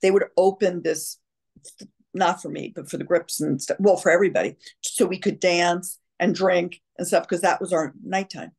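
A woman's voice: fairly low pitch, normal speed, slightly rough. A woman, an actress, chatting as an interview guest and telling stories animatedly, sometimes slipping into little voices. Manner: animated storyteller, slips into voices. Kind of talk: casual chat.

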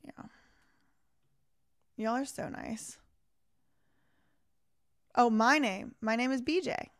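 A woman hosts a casual live stream, reading an article aloud and breaking off to comment. Her voice sits a little high, and she talks straight to her viewers, animated and exasperated. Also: slow. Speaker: host of a live reaction stream.

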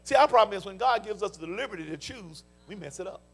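An older pastor with a Southern US accent, preaching a fervent sermon with folksy stories and call-and-response interjections. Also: male voice, sits high, lively intonation, quick pace, faint music behind. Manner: folksy storytelling. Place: church sanctuary.

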